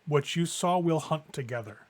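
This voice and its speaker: A man voicing a soft-spoken, seductive woman vampire who talks in a hushed, soothing way. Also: on the high side, expressive, moderate pace, lightly acted.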